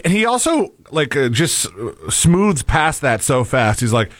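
A man's voice: medium pitch, big pitch swings, unhurried, dry recording. A man co-hosting, chiming in with dry, wry remarks in casual chat. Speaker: co-host.

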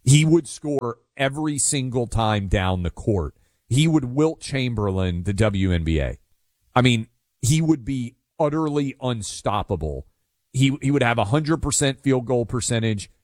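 Animated man hosting talk radio. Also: mid-range voice, unhurried, dry recording, clean studio sound. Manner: animated, emphatic, sarcastic. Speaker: radio talk show host. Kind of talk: casual talk radio banter.

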